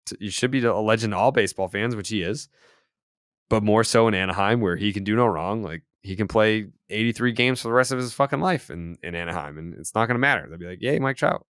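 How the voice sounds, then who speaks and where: A man's voice: on the low side, quick pace, a bit bright, no room sound, studio quality. A man co-hosting a podcast, trading wisecracking, profane banter about sports. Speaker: podcast co-host. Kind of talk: casual sports chat.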